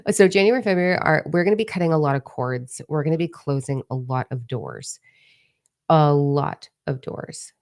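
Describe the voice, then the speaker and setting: Low-voiced woman, frank and swearing. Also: fast talker, hardly any pauses. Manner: frank, swears freely, rambling and animated. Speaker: spiritual channel host. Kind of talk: casual live-stream talk.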